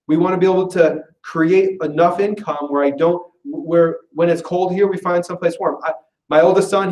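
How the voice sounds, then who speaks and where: A man with a slightly mellow voice pitches to a live meeting-room audience during a business info session, keeping things casual and full of jokes. He chats, pokes fun at himself and laughs often, sounding far from the mic amid a roomy echo.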